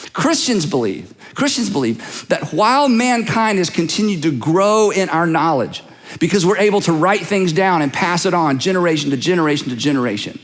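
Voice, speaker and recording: A man's voice: high-pitched, in a large hall. A man preaching a sermon as a pastor, talking conversationally and teasing listeners with direct questions. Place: large church auditorium.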